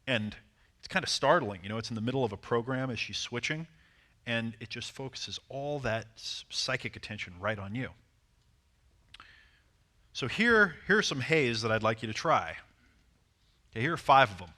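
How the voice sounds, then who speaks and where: A man coaching a seminar audience on dating, animated and acting out short bits of dialogue. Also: mid-range voice, moderate pace, pauses often. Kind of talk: seminar talk to a live audience.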